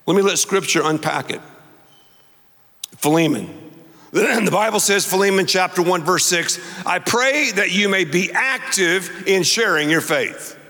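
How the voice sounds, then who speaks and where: Middle-aged pastor, emphatic sermon delivery, slow pace, long reverb of a large church. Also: male voice, sits high, pushed and bright. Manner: emphatic, repeats words for effect.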